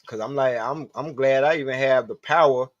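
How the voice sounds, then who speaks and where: A man with a medium-pitched voice talks at normal speed on a live stream, rambling casually and profanely to his chat. The lo-fi stream audio is dull and dry, with no room sound.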